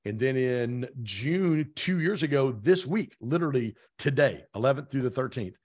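A man's voice: medium pitch, lively intonation, moderate pace, a little mellow. A man being interviewed on a podcast, energetically recounting events and acting out quoted dialogue as he goes. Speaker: podcast guest, real estate team owner. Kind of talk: animated storytelling in conversation.

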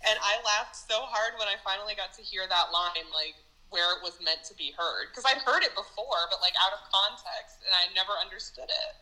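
A woman chatting casually about a movie, relaxed and dry-humored, with frequent fillers. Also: mid-range voice, brisk, hardly any pauses, rough recording.

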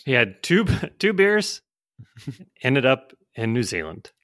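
A man's voice: mid-range voice, big pitch swings, slow pace, fairly bright tone, no echo. A man in casual chat, making dry, blunt and profane quips.

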